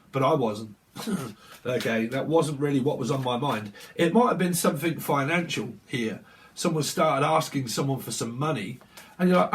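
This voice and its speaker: A young man giving a casual tarot reading, swearing, laughing often and acting out the voices he quotes. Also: mid-range voice. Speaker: tarot reader. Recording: voice a bit far from the mic.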